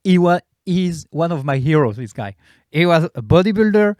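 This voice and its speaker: A high-pitched, lively young Frenchman talking in accented, halting English, laughing as he goes. His voice is dry and close, with no room sound. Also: no echo. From France. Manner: animated, laughing, halting non-native English. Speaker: guest comedian. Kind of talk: casual chat.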